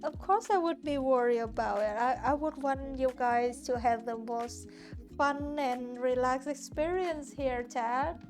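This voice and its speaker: Woman, native Vietnamese speaker, from Hanoi, art streamer, slightly high voice, unhurried, hesitant restarts, faint lo-fi music behind. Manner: halting, searching for words, frequent restarts. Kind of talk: casual chat with viewers while painting. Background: soft lo-fi music.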